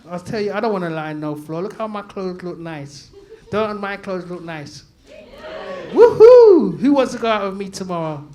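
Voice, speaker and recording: Loud, laughing London man on stage. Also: high voice, fairly quick. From Brixton, London. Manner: loud, chatty, laughing, riffs with the crowd. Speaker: stand-up comedian. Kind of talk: open-mic stand-up comedy. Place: stage at a comedy night.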